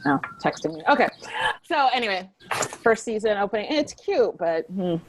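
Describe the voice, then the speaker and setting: A woman's voice: medium pitch, expressive, normal speed, background noise. A woman hosting a podcast, chatting casually and rambling about a TV episode with lots of fillers and giggles. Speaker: podcast host.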